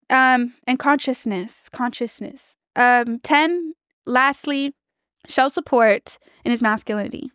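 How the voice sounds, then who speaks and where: A young woman host gives relationship advice in a chatty, earnest way, leaning on fillers and acting out little quoted exchanges. Her voice sits a bit high and sounds smooth and clear. The recording is dry and close, with no room sound. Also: no room sound. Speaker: relationship coach and podcast host. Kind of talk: casual advice monologue.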